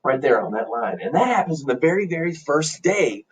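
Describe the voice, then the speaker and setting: Animated, husky male music teacher. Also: fairly high pitch, brisk, far from the mic. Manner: animated, playful storyteller. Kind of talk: storytelling lesson for children. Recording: dull lo-fi recording.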